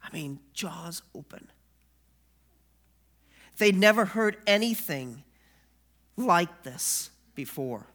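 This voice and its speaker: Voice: medium pitch, animated, fairly bright tone. A preacher giving a sermon, who asks the congregation rhetorical questions and reads scripture aloud with rising emphasis. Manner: slow, deliberate delivery with rhetorical questions.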